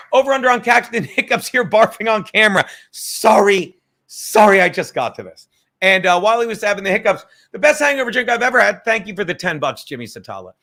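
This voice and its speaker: Man, podcast host, high-pitched, bright forceful tone, profane sarcastic rant. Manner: profane, heated, sarcastic ranting; reads viewer super chats aloud. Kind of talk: casual ranting monologue.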